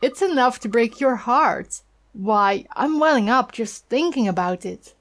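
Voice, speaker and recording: A woman reading aloud as a chatty, sentimental old woman neighbor in a game, speaking slowly. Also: on the high side, lively intonation. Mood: gossiping.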